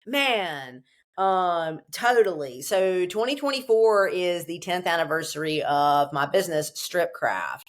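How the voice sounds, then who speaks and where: A woman guest on an interview show, her voice sitting on the low side. She speaks slowly and emphatically, with a salty, streetwise edge. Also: expressive. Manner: profane, emphatic, streetwise delivery. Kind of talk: casual interview answers.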